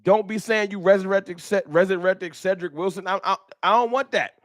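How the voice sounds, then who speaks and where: This is the host of a fan talk livestream, a lively man whose voice sits slightly high for a male speaker and who keeps a moderate pace. He argues with slang and emphasis, circling back to the same points. Close, dry audio carries almost no reverb.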